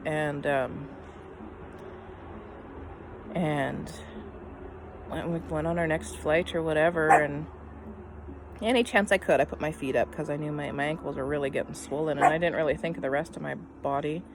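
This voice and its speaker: A middle-aged woman telling a personal story in a casual, rambling way, full of "um" and "I mean", often trailing off softly at the end of her thoughts. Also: sits low, steady tone, moderate pace, long pauses, noisy background. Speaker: vlogger.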